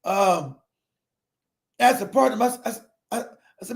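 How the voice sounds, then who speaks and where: A middle-aged man telling a personal story in a casual, profane, animated way, acting out quotes and laughing often. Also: sits high, unhurried, vocal fry, long pauses.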